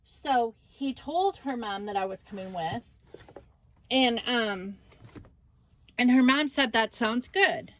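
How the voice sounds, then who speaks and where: Slow-talking older woman telling a story. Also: fairly high pitch. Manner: rambling, animated retelling of a family argument. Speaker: scrapbooking channel host. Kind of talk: casual storytelling vlog.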